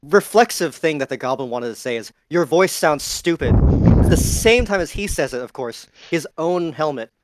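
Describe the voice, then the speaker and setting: A man's voice: animated, brisk, few pauses, very noisy. A man playing a tabletop game, joking playfully about his goblin character. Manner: playful, laughs, pitches jokes for his goblin. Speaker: player.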